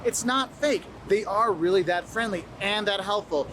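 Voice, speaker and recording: A man's voice: high voice, moderate pace, fairly bright tone, a little hiss or hum. A man giving friendly, instructive travel advice to camera, sometimes acting out what locals say. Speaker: travel video host. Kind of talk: advice video, spoken to camera.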